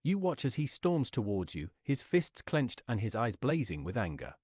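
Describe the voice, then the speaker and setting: A man reading an interactive adventure story aloud in a lively, sing-song storytelling manner. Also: medium pitch, moderate pace, husky, no room sound, studio quality.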